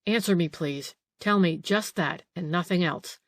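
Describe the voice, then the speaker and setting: A woman reading an audiobook, voicing a small, gentle old male detective who questions politely. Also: fairly low pitch, measured pace, no echo, studio quality, close to an everyday voice. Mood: pressing.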